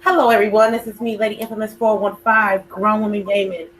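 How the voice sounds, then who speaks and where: A woman's voice: medium pitch, steady tone, brisk, a bit bright, a little hiss or hum, poor audio. A woman co-hosting a casual gaming podcast, upbeat and chatty. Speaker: podcast co-host.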